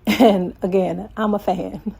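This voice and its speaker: Woman coach, spoken voice note, unhurried, repeating affirmations, mid pitch, emotional edge. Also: steady tone, gravelly, mellow, husky. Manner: slow, emphatic, repeating lines like affirmations. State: emotional, voice dropping to a whisper. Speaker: life coach. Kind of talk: reflective voice note.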